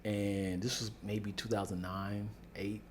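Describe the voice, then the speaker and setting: A young man co-hosting a podcast, chatting casually and telling animated stories, sometimes slipping into playful mock voices. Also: on the low side, measured pace, slight background noise. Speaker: podcast co-host. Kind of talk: casual chat.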